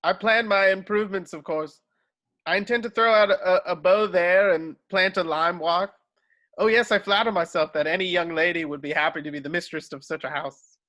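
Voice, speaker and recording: A man's voice: high voice, fairly even intonation, moderate pace, pushed and bright. A man playing a pompous fawning clergyman. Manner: pompous, fussy. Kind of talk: amateur script reading.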